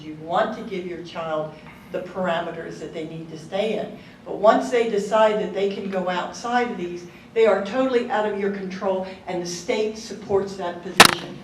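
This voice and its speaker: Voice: mid-range voice, slight background noise. An audience member earnestly posing a question from the floor at a workshop. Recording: echoey hall, distant mic.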